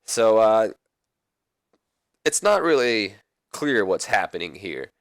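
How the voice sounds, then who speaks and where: Casual gaming host, man, low voice, dry close mic, rambling recap. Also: sing-song, takes it slowly, dry recording. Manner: rambling, casual, mildly profane. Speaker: let's play host. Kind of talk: casual game commentary.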